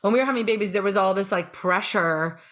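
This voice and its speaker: Chatty animated woman in her fifties. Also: mid-range voice, fast talker. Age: 50s. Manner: animated, laughs often, chatty storytelling. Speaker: podcast host. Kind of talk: casual chat.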